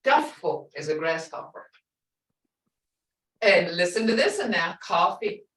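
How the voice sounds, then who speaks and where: Slow older woman teaching words, echoey. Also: fairly low pitch, animated, fairly bright tone, distant mic. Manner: slow, repeats each word to drill pronunciation. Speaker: language instructor. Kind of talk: online language class. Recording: echoey room, voice from off the mic.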